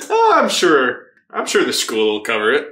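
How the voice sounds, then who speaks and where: A man hosting a casual anime reaction, excitable, laughing often and swearing freely as he watches. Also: fairly high pitch. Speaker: anime reaction channel host. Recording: roomy echo.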